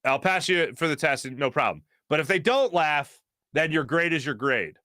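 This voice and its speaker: A man's voice: on the high side, very animated, normal speed, sharp tone, no echo, clean studio sound. Man putting on a stern old math teacher. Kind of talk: anecdote impression.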